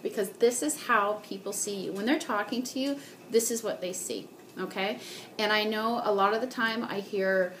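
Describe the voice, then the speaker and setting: A woman giving a sales training talk as a beauty consultant, animated, acting out customers and ending lines with "okay?". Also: mid-range voice, a little hiss or hum.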